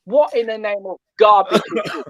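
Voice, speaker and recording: A male caller ranting about football, loud and animated, who keeps asking "yeah?" between points. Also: sits high, moderate pace, dry recording. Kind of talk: call-in football rant.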